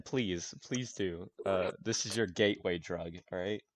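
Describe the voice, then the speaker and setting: A man's voice: sits low, unhurried. A man narrating a tabletop game as its game master, casual and hesitant, swearing often and breaking into laughs.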